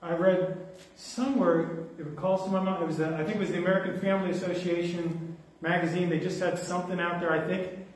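A man preaching to his congregation with a high voice, talking in a lively, conversational way and joking along the way. He sounds picked up from across a big echoing hall, some distance from the mic. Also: brisk. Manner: animated, conversational, jokes with the congregation. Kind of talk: sermon. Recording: echoey hall, mic from far off.

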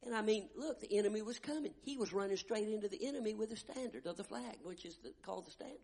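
A middle-aged preacher with a husky voice that sits high. He talks folksy and emphatic, and swings from plain talk up to loud shouts. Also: fast. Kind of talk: sermon.

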